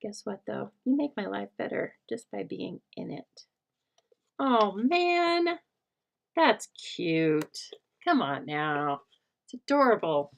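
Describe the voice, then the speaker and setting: A woman's voice: medium pitch, very animated, slow, gravelly. A middle-aged woman hosting a casual craft livestream, chatting with viewers in a rambling way and laughing often. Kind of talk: casual craft demo chat with live viewers.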